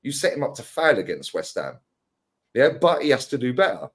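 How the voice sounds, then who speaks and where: A man's voice: medium pitch, big pitch swings, a little fast, husky. A man with a London accent arguing heatedly on a football panel, firing rhetorical questions and mocking the other side by repeating them. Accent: London English.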